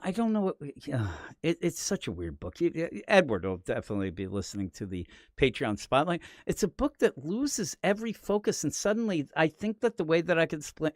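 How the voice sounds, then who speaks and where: Jokey American man, podcast co-host, animated delivery, dry sound. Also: no room sound. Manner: jokey, puts on silly high accent voices. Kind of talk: casual live-stream chat.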